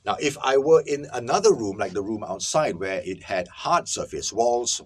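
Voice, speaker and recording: A man's voice: medium pitch, expressive, normal speed, few pauses, husky. A man hosting a casual video lesson from a small soundproofed recording booth, recorded on a camera-mounted microphone. He explains emphatically and keeps checking in with his viewers. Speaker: host teaching audio recording. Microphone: camera-mounted microphone, no lapel mic.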